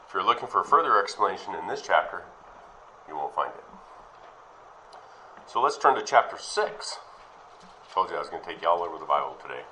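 Male preacher, low and forceful, reads verses then asks questions, faint hiss. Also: rough recording. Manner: reads scripture aloud, then questions and explains it. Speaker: Bible teacher. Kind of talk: Bible teaching sermon.

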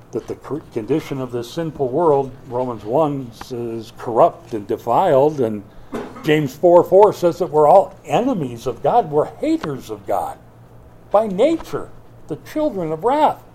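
A man preaching a sermon as pastor, swinging between loud emphatic bursts and quiet asides, with a wry, joking touch. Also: mid-range voice, slight background noise. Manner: wry, joking delivery with mock quotes.

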